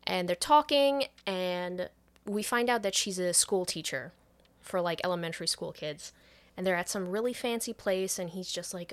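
A woman's voice: fairly low pitch, moderate pace. A woman podcast co-host retelling a movie plot in casual chat, swearing freely and quoting characters as she goes. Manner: profane, animated recap with quoted voices.

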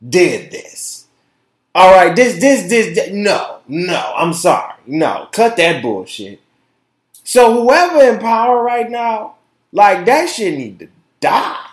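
A man hosts his own podcast in an impassioned, cursing rant that keeps doubling back on its words. He talks slowly, and his pitch jumps wildly between quiet, low asides and loud, high outbursts. The room around him rings with echo. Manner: impassioned, profane, repeats words, swings from shouting to quiet. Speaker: podcast host. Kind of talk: casual opinion podcast monologue.

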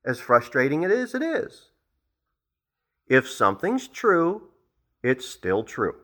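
Middle-aged guy preaching, bright voice, pitch jumping all over, acts out his stories. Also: slow. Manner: animated preacher acting out quoted people. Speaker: pastor. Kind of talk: verse-by-verse sermon.

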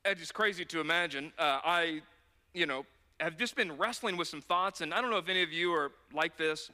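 Man, pastor, earnest conversational sermon, high voice, long hall reverb. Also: bright, forceful tone.

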